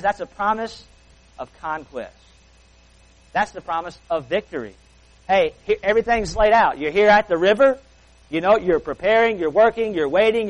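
Pastor guy preaching, leans hard on key words, voice on the higher side. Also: low-quality recording. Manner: emphatic, slows and stretches key words. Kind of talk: sermon.

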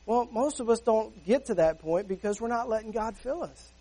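A man's voice: sits high, mellow, poor audio. A man preaching a sermon as pastor, earnest and conversational, asking rhetorical questions and acting out everyday dialogue. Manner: acts out everyday dialogue in quick asides.

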